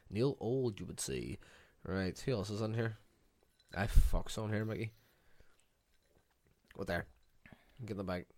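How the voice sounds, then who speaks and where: Male host, casual sweary banter, very lively pitch, frequent laughter. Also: a little slow, long pauses. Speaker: podcast host.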